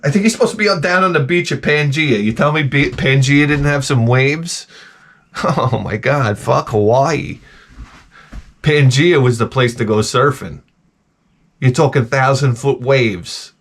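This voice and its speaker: A man's voice: mid-range voice, measured pace. A man giving a profane, rambling comic rant to camera. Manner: profane, animated, jumps between tangents. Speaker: vlogger.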